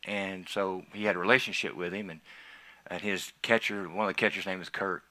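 A male pastor shares a personal testimony during a sermon, moving between quiet asides and loud, excited emphasis. His voice sits low and his pace is brisk.

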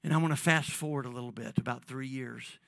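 A man preaching a sermon, calling on the congregation and swinging between loud emphasis and soft, drawn-out phrases. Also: medium pitch, creaky, no room sound. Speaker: pastor.

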